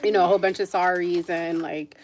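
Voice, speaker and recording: A woman's voice: on the low side, little pitch movement, fairly quick, darkish tone, a little hiss or hum. A young adult woman chatting on a livestream, telling a long story in a rambling, emotional way with lots of "like" and asides to viewers. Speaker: livestream host. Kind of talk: casual livestream chat.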